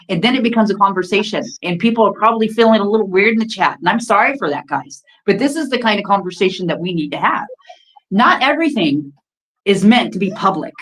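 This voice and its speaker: A woman's voice: mid-range voice, lively intonation, fast talker, low-quality recording. A woman co-hosting a casual livestream chat, blunt and profane, telling stories. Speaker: livestream co-host.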